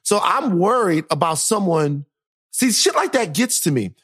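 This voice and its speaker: This man's voice is high-pitched with a breathy edge and moves at normal speed, recorded dry at studio quality. He co-hosts a podcast, chatting casually while telling an animated story and acting out quotes.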